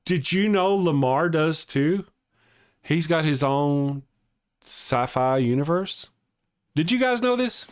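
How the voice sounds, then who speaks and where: A middle-aged man hosts a casual livestream morning show, chatting, joking, greeting viewers and reading their comments. His voice is a little high, smooth and animated, though slow, and he laughs often and restarts his words.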